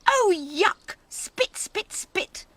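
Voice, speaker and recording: A woman's voice: very high voice, expressive, drawn-out words, sharp tone, pitched above the performer's own voice, full character voice. A woman voicing a group of proud, snobbish lilies in a children's storybook tale, pompous and shrieking. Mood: disgusted. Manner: pompous, shrieking, sing-song. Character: snooty haughty female lilies, proud and shrill.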